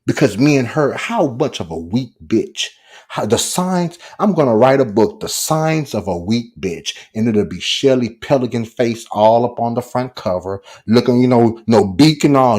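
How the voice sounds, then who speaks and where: A man's voice: medium pitch, a little mellow. A man delivering a furious, profane, taunting livestream rant.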